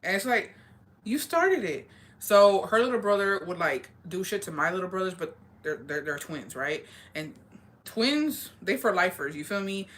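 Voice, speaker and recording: Profane, animated young woman storyteller. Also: lowish voice. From rural area. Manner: profane, animated, swears constantly. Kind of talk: casual storytelling chat.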